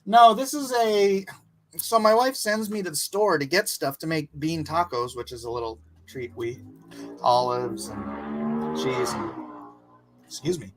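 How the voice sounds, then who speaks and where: A man's voice: a little high, a little slow, faint music behind. A man hosting a casual art livestream, chatting loosely and laughing easily while he eats. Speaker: livestream host.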